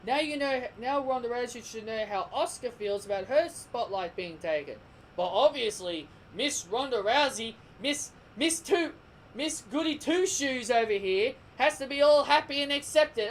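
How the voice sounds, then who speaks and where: A young wrestling vlogger from Australia gives a heated commentary rant full of opinions, repetition and stumbling restarts. He has a very high, expressive voice at a moderate pace, on low-quality audio.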